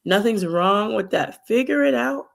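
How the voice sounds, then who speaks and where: A woman hosting a faith podcast livestream, talking in an animated, emphatic way and speaking to viewers in the chat. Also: medium pitch, measured pace, gravelly. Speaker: podcast host. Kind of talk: casual devotional livestream talk.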